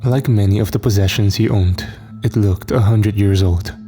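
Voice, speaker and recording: A man tells a horror story in a steady, somber narration. His voice sits low and sounds mellow and dark. Soft music plays under him. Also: moderate pace.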